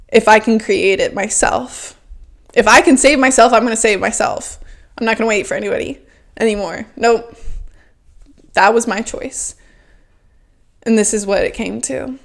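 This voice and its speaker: Woman podcast host, fairly high voice, blunt and emphatic, casual filler-laden self-help talk. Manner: emphatic, frank, filler-heavy with frequent "like".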